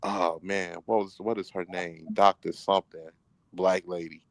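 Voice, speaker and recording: A man's voice: low-pitched, level tone, normal speed, no room sound, poor audio. A man chatting casually in a laid-back, slangy way as a co-host. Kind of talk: casual chat.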